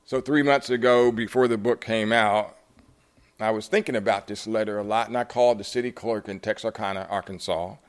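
An older man, an author at a live book event, telling a story animatedly and acting out the conversations in it, at times jumping up high in surprise and at times dropping soft. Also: fairly even intonation, fairly quick. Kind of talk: storytelling talk.

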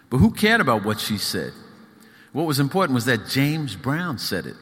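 A man's voice: mid-range voice, very animated, normal speed, a bit bright, breathy edge. A man reading his own book aloud at a live event, with rhythmic, emphatic storytelling. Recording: echoey hall.

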